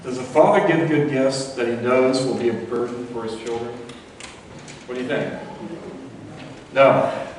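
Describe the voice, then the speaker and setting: A man's voice: fairly even intonation, a little slow, long pauses, slight background noise. A man preaching a sermon in a church, talking in a conversational way with many asides to the congregation. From Florida. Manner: conversational, rises in pitch when acting out voices in a story. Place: church sanctuary. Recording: echoey church hall from far off.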